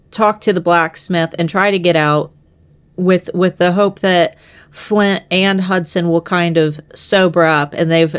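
A woman's voice: on the low side, clean tone. A young woman co-hosting a podcast, chatting casually about a book, often laughing and trailing off mid-sentence. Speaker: podcast co-host. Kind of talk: casual book discussion chat.

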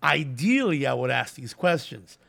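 A man's voice: medium pitch, big pitch swings, normal speed, creaky, bright, forceful tone. A man co-hosting a casual chat, animatedly retelling a story and acting out the voices in it. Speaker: podcast co-host.

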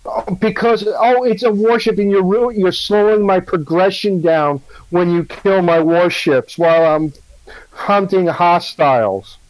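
A man's voice: high voice, a little slow, no room sound, poor audio. A man putting on a whiny, sarcastic voice as an entitled male gamer. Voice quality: whiny, babyish. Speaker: stream guest. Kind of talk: sarcastic devil's advocate bit.

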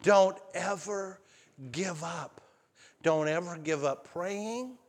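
A male pastor telling a personal story in a sermon, swinging between loud calls and hushed lines. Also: sits high, takes it slowly, big-room sound. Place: church sanctuary.

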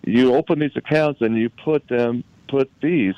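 A man from Utah, a guest recounting a personal story in conversation, halting and often repeating words as he recalls events. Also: medium pitch, big pitch swings, dull audio.

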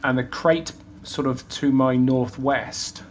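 A man playing a tabletop game, upbeat and quick to laugh, asking about the scene. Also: medium pitch, steady tone, a little hiss or hum. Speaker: player. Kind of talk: casual game chat.

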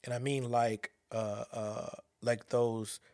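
A man telling a personal story in a halting, reflective way, with many restarts as he searches for words. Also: medium pitch, flat delivery, darkish tone, dry recording, studio quality. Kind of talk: personal monologue about anxiety and a dream.

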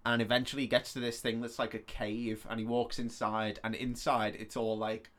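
A man on a podcast, casually retelling a film plot with swearing and quick voiced-out lines for each character. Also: mid-range voice, level tone, a bit bright. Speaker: podcast co-host.

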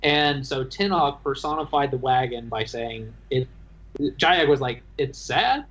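A man, the dungeon master, chatting about his tabletop game session in a halting, restarting way. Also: medium pitch, a bit bright. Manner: halting, stumbling restarts, laughs while telling. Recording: dull lo-fi sound.

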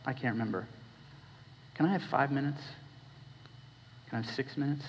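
A man preaching a sermon as pastor, talking with the congregation and asking them questions, his voice dropping low and then rising. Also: moderate pace, a little hiss or hum. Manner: conversational, questioning the congregation, shifting between hushed and raised. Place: church hall. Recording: dull recording with long hall reverb.

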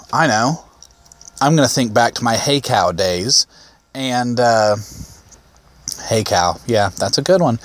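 A man's voice: medium pitch, no room sound. Rambling man telling a funny story. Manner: rambling and self-amused, with many restarts and chuckles. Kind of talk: casual storytelling.

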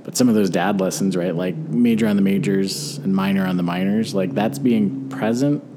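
A man's voice: sits low, moderate pace, background noise. A father of five as a podcast guest, talking reflectively and thinking aloud about parenting. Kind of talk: casual podcast chat.

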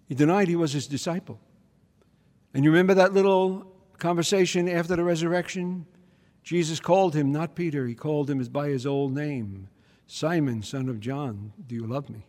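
A man giving a conversational teaching homily, often pausing to check in with his listeners. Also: fairly high pitch, a little mellow. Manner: conversational, checks in with the audience by asking "okay?" and "hmm?". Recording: reverberant hall.

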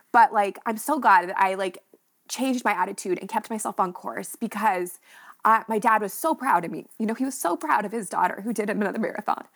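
Her voice a little high, a young woman appears as a podcast guest and recounts a running experience from her own life. She tells it with heartfelt emotion, sprinkling in plenty of "like" and "you know."

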